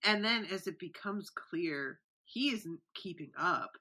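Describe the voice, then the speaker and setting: A woman co-hosting a podcast in casual book discussion, relaxed, sometimes reading passages aloud. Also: on the low side, unhurried. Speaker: podcast co-host.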